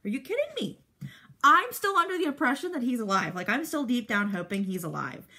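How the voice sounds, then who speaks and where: A young woman vlogger chatting casually while doing her makeup, rambling with lots of fillers and getting animated when excited. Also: a little high, brisk. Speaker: beauty vlogger.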